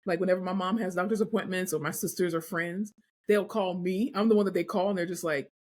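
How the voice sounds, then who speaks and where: A woman co-hosting a podcast in casual chat, with a deep speaking voice, relaxed and full of likes and fillers. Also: fast. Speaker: podcast co-host.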